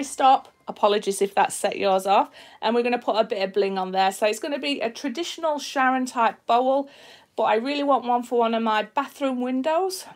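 A woman with a Yorkshire accent and a slight Australian twang, chatting casually to viewers on a live stream as she demonstrates her craft, greeting people and reading out their comments. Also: a little high. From Yorkshire, England. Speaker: resin artist hosting a live stream.

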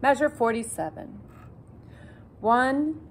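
A woman's voice: a little high, expressive, unhurried, music in the background. A woman teaching a cello lesson, counting in and calling out notes, patient and self-joking. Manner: patient, repeats instructions, jokes about herself. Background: cello playing along.

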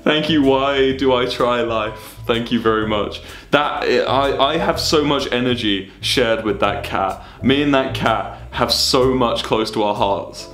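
A man's voice: medium pitch, a little slow, few pauses, fairly bright tone, reverberant, soft background music. A young man streaming, reacting to fan memes in casual, sweary, mock-indignant banter.

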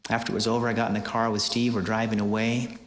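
A man preaching a sermon, telling a story in an animated way with many hesitant fillers. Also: fairly low pitch, quick pace, a little hiss or hum. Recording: echoey hall with long reverb.

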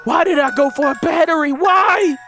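A young man giving frantic, cursing commentary while playing a horror game and yelling at the monsters. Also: very high voice, normal speed, over music. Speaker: gaming video host.

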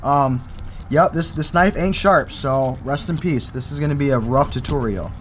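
A young man chatting excitedly to viewers while fishing and cleaning fish outdoors, calling them folks and boys. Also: mid-range voice, moderate pace, a little hiss or hum. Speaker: fishing vlogger. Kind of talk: casual outdoor vlog tutorial.

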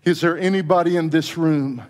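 A middle-aged man preaching a sermon as pastor, telling a story with soft, low quoted lines that climb into fervent passages. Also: fairly even intonation, normal speed. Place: church sanctuary. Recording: long church reverb.

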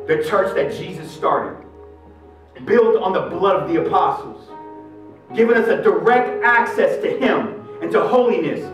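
A man, a Catholic youth minister, giving an energetic live faith talk with street slang. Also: sits high. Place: large hall with live audience. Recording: echoey hall, mic far off. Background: guitar music.

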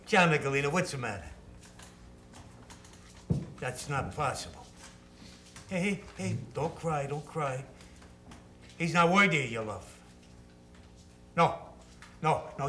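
A man's voice: a little high, sharp tone. A man acting as a brash young loan shark who trades insults and gives orders. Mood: soothing. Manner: blustering, insulting, then soothing. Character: young male loan shark, brash, bossy, quick-tempered. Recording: echoey room.

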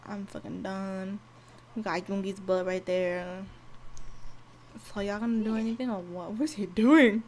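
A woman giving casual gameplay commentary, cursing and shouting at the game and speaking to viewers in slangy talk. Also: mid-range voice, steady tone, unhurried. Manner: profane, loud outbursts at the game; slangy, talks to viewers directly. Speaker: gameplay video host.

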